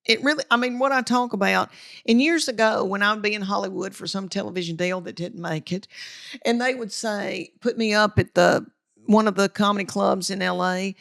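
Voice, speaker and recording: Gravelly Southern country woman comic. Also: medium pitch, a little fast, fairly bright tone. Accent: Southern US, thick country. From Tennessee, US South. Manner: folksy, self-deprecating, affectionate terms. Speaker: comedian guest. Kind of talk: casual chat.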